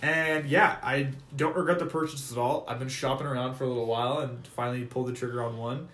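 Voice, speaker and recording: A man's voice: medium pitch, steady tone, fast, a bit bright. A young man telling a story in casual chat, laughing and swearing freely. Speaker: podcast co-host. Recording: roomy echo.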